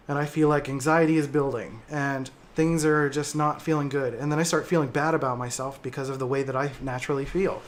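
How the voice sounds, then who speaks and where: A man with a fairly high voice chats loosely on a livestream and answers viewer comments. He talks in a reflective, open way. He often pauses, restarts and fills gaps with "um" and "you know.". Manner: reflective, hesitant, many fillers. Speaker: livestream host. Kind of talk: casual livestream chat, reading viewer comments.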